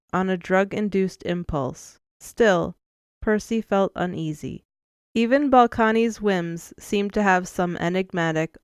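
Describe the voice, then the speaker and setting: A woman narrating an audiobook in a measured, expressive storytelling manner, close to the mic. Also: lowish voice, clean tone, dry recording. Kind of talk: scripted narration.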